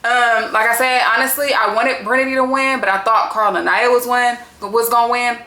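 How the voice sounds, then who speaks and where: A woman's voice: fairly high pitch, fairly even intonation, moderate pace, sharp tone, reverberant. A woman recapping a reality show in a casual, profane and opinionated way.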